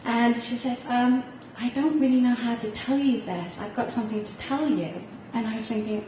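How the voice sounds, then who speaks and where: Middle-aged woman on a panel, kinda high voice, telling a heartfelt story, really echoey hall, mic far off. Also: normal speed, few pauses, noisy background. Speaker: parent on a panel. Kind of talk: personal story at a panel talk. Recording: echoey room heard from far off.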